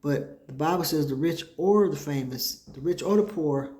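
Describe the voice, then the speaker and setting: A woman's voice: sits low, normal speed, dark tone. A woman hosting a casual livestream talk show from home, chatting to viewers in a meandering way. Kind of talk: casual rambling chat to viewers. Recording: echoey room.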